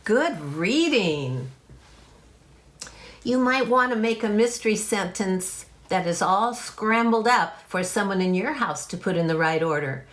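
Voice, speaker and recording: Gentle woman teacher praising young readers. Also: medium pitch, normal speed, few pauses.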